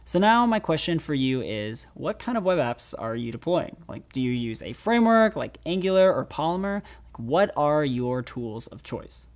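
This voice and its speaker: A man's voice: a little high, big pitch swings, normal speed, hardly any pauses, dry recording. A man presenting a screencast tutorial, walking through each step in an upbeat, casual way. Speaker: developer advocate presenting a tutorial.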